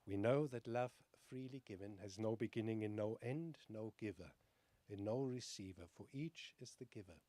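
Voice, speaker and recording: A man officiating a wedding, speaking in a formal, measured ceremonial manner. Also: fairly low pitch, warm tone, no room sound.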